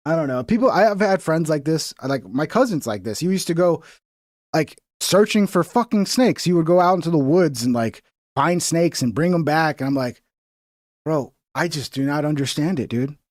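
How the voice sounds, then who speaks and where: A man's voice: fairly high pitch, expressive, normal speed, a little mellow, dry recording, clean studio sound. A man streaming a reaction to a video, talking casually with a profane, exasperated and rambling manner.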